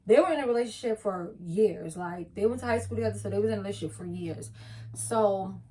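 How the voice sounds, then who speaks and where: A young woman tells a personal story in a casual, blunt, profane and animated way. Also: a little high, a little hiss or hum. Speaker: vlogger.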